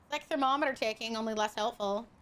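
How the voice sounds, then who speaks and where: A woman's voice: a little high, fast talker, fairly bright tone. A young woman from Hawaii streaming a game and reading chat aloud. She talks in a brash, profane, teasing way and laughs often. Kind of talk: casual gaming livestream, reading chat.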